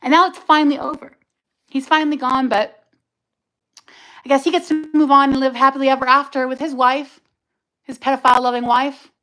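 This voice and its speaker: Angry woman giving raw testimony, high voice. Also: fairly even intonation, brisk, long pauses, sharp tone, low-quality recording. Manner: angry, raw, cursing, speaks in bursts. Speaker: livestream host. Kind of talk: emotional personal testimony.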